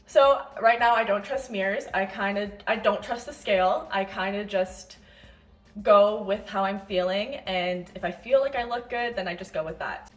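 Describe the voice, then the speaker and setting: A woman competing in bodybuilding, telling a story and giving diet tips in a chatty, animated way that swears freely. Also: mid-range voice, normal speed. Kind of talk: casual storytelling vlog.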